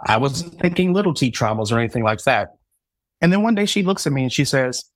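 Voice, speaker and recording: Fast and animated, a medium-pitched man in his thirties from Southern Indiana tells how he became a psychic reader, voicing the characters and joking at his own expense. It's storytelling in a relaxed interview, recorded dry with clean studio sound.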